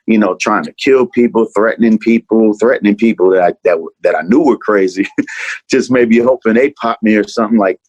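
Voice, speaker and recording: A man talks through a candid interview in a lowish voice. He rambles, swears easily, and keeps tossing in "man" and "you know." The recording is dry, with almost no room around it. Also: a little fast, darkish tone, no room sound, poor audio. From Atlanta, USA. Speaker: rapper, interview guest.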